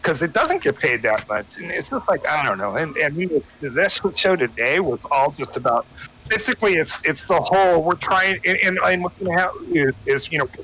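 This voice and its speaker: A man's voice: fairly high pitch, lively intonation, moderate pace, pushed and bright, a little hiss or hum, rough recording. A man ranting in casual chat, swearing often and restarting his sentences. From United States. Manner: profane, rambling rant with many restarts. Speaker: guest chatting on a stream.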